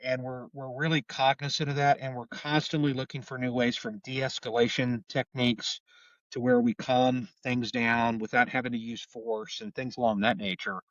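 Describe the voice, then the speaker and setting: A middle-aged homicide detective with an Oklahoma accent tells stories earnestly in a podcast interview, often repeating words and acting out the voices he quotes. His mid-range voice is level and fairly bright at normal speed, recorded lo-fi from a distance with no room sound.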